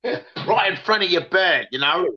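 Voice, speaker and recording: A man's voice: high-pitched, expressive, unhurried, husky, dull audio, full character voice. A man putting on a Cockney street tough. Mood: menacing swagger. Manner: swaggering, threatening, profane. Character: brash tough-talking London street geezer man.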